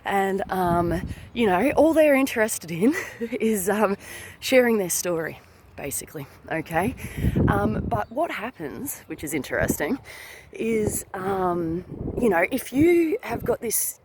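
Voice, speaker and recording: A woman's voice: unhurried, noisy background. Chatty, laughing woman with lots of fillers. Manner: chatty, laughing, many fillers and "all right?" tags; animated, rising high when telling a story. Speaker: spiritual channeler. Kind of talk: casual chat to viewers.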